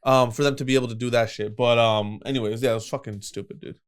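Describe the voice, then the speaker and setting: A young man co-hosting a podcast in casual chat, animated, laughing often and swearing freely. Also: medium pitch, quick pace, clean tone. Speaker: podcast co-host.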